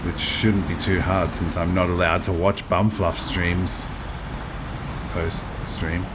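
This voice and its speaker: A man's voice: low-pitched, flat delivery, slow, background noise. A man in his thirties streaming a driving game, chatting casually, reading his chat aloud and answering it. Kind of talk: casual live-stream chat while playing.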